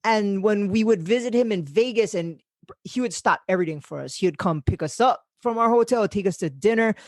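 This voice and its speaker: A young man hosts a podcast in casual chat. He tells stories in a loose, animated way, swearing and laughing as he acts out quotes. The recording is close and dry. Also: high-pitched, fairly quick, no echo. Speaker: podcast host.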